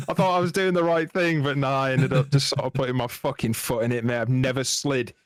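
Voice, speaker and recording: A man's voice: medium pitch, steady tone, brisk, dry recording. Sweary self-mocking man, army veteran. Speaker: podcast guest. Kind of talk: casual chat, swapping army stories.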